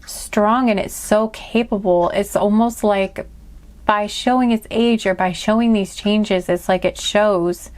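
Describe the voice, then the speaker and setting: Woman, card reader, casual spiritual reading, earnest, gushing, rambling, many restarts, mid-pitched voice. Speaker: tarot and oracle card reader.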